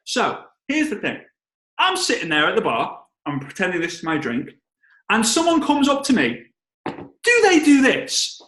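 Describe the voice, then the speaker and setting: A British man leads a lively marketing training over a video call, joking as he goes. His voice sits a little high. The room around him rings with echo. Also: normal speed. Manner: playful, jokey, breaks into song. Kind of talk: energetic training talk on a call.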